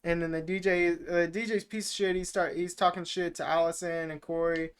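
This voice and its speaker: A man's voice: on the high side, flat delivery, fairly quick, clean tone. A man co-hosting a podcast, casually retelling a film plot in a rambling way, full of filler words and casual swearing. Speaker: podcast co-host. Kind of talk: casual movie recap chat.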